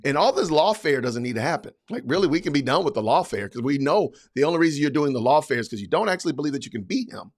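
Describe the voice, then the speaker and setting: A man's voice: a little high, sing-song, fast talker, hardly any pauses. A man hosting a podcast, giving sarcastic political commentary in a mocking, hyped-up, repetitive way. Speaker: podcast host.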